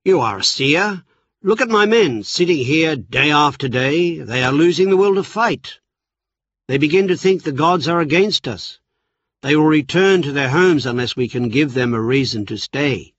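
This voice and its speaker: A proud Greek king rages at those around him, as a male narrator puts him on. His voice lifts high and loud in anger. The sound is dull and dry, with no room in it. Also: expressive, normal speed, no room sound. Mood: angry. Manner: shouting in anger.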